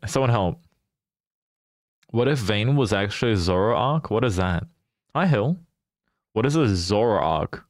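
A man's voice: medium pitch, dry recording, clean studio sound. A young man live-streaming a game, chatting casually and animatedly with his viewers and laughing often.

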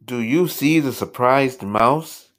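A playful father mouse from a bedtime storybook, read by a man in a slow, close voice near his own. He hams up his games with his little one, unhurried and easy. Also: medium pitch, natural voice. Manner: playful, hamming it up.

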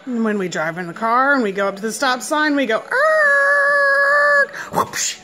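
A young woman at home feeding her son, filmed on a phone, switching between soft murmured questions and high cheerful praise. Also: animated, fast. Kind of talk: casual home video chat.

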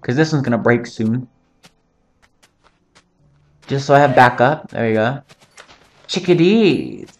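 A man's voice: medium pitch, a little slow, pauses often. A young man giving casual, joking commentary over his own gameplay, rambling between topics and swearing often. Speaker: gaming channel host.

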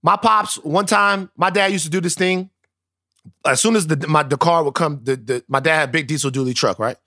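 A male podcast co-host from Louisiana telling stories in casual, profane, animated chat. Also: a little high, brisk, no echo, studio quality. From Louisiana, United States.

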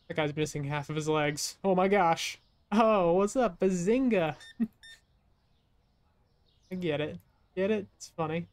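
Speaking in a low voice at a measured pace with long pauses, a woman streams a game in a dry recording. Her commentary is casual and full of jokes, with chatty asides directed at the game's customers.

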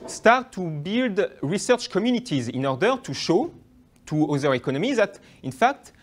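A man's voice: sits high, big pitch swings, normal speed. A young man from France with a French accent, giving a hesitant academic talk with many fillers and restarts. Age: young adult. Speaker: guest lecturer.

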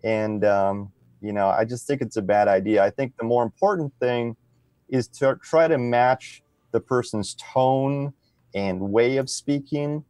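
Guest man, conversational and explanatory, mid-pitched voice, dry close recording. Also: a little slow, clear, resonant tone, no room sound. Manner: relaxed, explanatory, tags sentences with "right?". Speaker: podcast guest. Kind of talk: conversational interview.

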